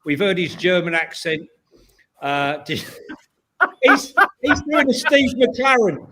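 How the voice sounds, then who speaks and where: A man on a fan podcast panel, joking and teasing with quick interjections in casual football banter. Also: sits high, big pitch swings, sharp tone.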